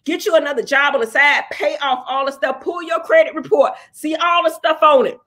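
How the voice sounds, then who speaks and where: Blunt, high-voiced woman livestreaming. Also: fairly quick. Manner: blunt, profane, preachy and animated. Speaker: livestream host answering viewer comments. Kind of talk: casual livestream chat.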